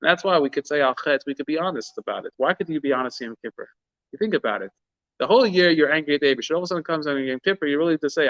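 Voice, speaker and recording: A man's voice: on the high side, expressive, rapid-fire, fairly bright tone, dry recording. A man gives an informal Torah talk as a rabbi, earnest and searching for words, often restarting mid-thought and slipping in Hebrew and Yiddish terms. The recording is dull and lo-fi. The sound is dry, with no room around it. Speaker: rabbi teaching a class.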